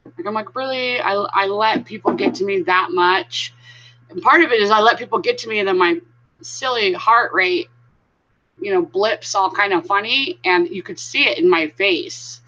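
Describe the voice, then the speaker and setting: A woman's voice: mid-range voice, normal speed, pushed and bright. A woman hosting a casual live stream, chatting with viewers and greeting them by name. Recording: dull lo-fi sound.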